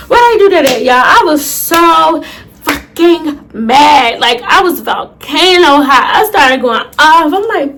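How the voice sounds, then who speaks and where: Animated, high-voiced young woman telling a story. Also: takes it slowly, slight background noise. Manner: animated, profane, dramatic retelling with asides to viewers. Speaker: storytime YouTuber. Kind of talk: casual storytime vlog.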